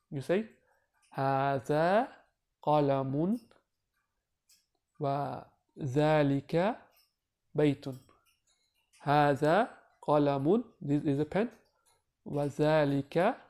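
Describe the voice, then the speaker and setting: A man teaching a beginner language lesson, speaking slowly and repeating each phrase for learners. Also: on the high side, darkish tone. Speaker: Arabic teacher.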